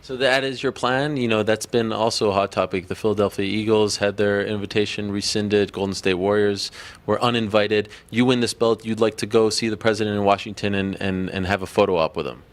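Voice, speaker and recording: Flat-voiced male interviewer. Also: lowish voice, a little fast. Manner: stumbling, filler-heavy questions. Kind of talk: media interview questions.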